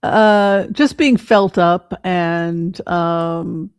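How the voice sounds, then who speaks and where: Brief: chatty tarot-reading host, meandering and halting, mid-pitched voice, dry close sound. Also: steady tone, clear, resonant tone, dry recording. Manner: rambling, hesitant, many fillers and restarts. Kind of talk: casual livestream commentary with tarot reading.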